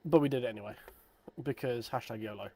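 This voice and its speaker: A man's voice: mid-range voice, fast, mellow, a little hiss or hum. A man in his thirties chatting casually on a sim racing live stream, rambling and joking at his own expense. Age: 30s. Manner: rambling, self-deprecating, joking.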